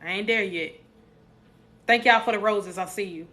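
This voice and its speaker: A woman's voice: mid-range voice, normal speed, pushed and bright. A young adult woman, hosting a casual live stream, joking with viewers and preaching encouragement.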